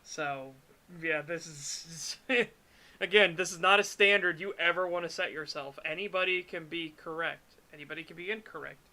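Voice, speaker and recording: A man's voice: on the high side, moderate pace, sharp tone. Wry man hosting a stream. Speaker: stream host. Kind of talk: casual chat reacting to a video.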